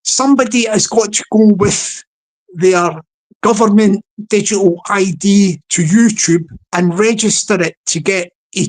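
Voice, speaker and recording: Rambling woman streaming live. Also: medium pitch. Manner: rambling and repetitive, chuckling, addresses chat viewers. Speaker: livestream host. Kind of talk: casual livestream commentary.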